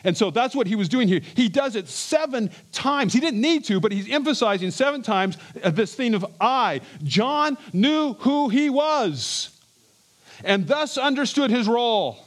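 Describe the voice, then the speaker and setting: A man preaching an expository sermon as a pastor, emphatic and animated, with chuckles and restarts. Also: extremely high pitch, moderate pace, few pauses.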